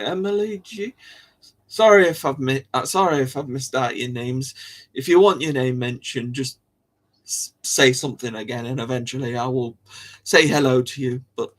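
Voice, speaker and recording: A young man, chatting casually on a live stream, rambling, restarting sentences and giggling often. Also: mid-range voice.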